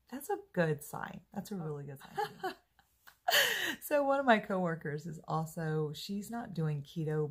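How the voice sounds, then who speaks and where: A woman's voice: deep voice, vocal fry, a little mellow, husky. A woman talking to the camera in a casual, chatty diary vlog, upbeat and self-deprecating. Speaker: vlogger.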